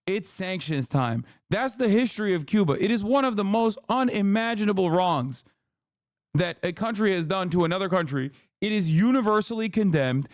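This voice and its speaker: A man's voice: high-pitched, smooth, no echo, clean studio sound. A man streaming a reaction video, giving heated, sarcastic political commentary full of swearing.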